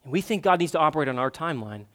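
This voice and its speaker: The man preaching is a pastor in his thirties with a high, fairly bright voice, speaking rapid-fire and expressively in a church sanctuary. Full of energy, he breaks into desperate prayers delivered in a raised, pleading tone.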